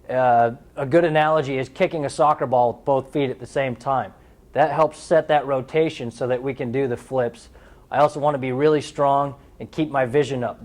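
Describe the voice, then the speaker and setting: A man's voice: medium pitch, darkish tone. A young man in his twenties, an athlete being interviewed, talking candidly and casually about his sport with playful storytelling.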